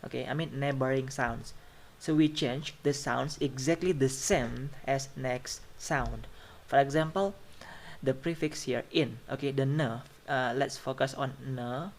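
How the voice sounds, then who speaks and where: A lecturer talks through slides in a recorded online class, saying each example twice and asking "right?" as they go. The voice sits at a middle pitch, neither high nor low. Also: measured pace. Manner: repeats each example and checks in with "okay" and "right?". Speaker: phonetics lecturer.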